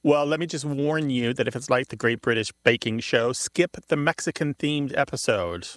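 A man co-hosting a call-in radio show, easygoing and explanatory, quick with a joke. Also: medium pitch, no room sound, studio quality.

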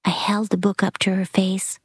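A woman reading a story aloud in a soft, often half-whispered delivery. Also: medium pitch, little pitch movement, moderate pace, husky, dry recording. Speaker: reader.

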